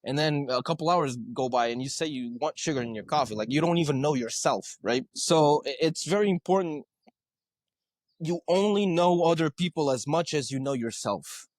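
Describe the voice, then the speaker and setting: A man's voice: a little high, animated, normal speed, darkish tone, no room sound, studio quality. A male podcast guest telling stories in a conversational way, earnest, often checking in with "right?" and repeating his words. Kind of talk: conversational storytelling.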